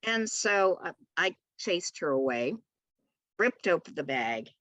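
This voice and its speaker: A woman spins a comic anecdote on a panel, her pitch leaping high and dropping low as she acts out each person in the tale. Her voice is bright and sharp. The sound is dry and close, with little room around it. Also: slow pace, no room sound. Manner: animated storyteller who acts out other people's voices. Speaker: author on a convention panel.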